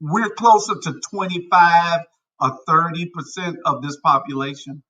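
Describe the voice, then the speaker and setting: A man's voice: a little high, measured pace, sharp tone. A man hosting a casual talk show, giving blunt, emphatic opinions. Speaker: show host. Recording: distant from the mic.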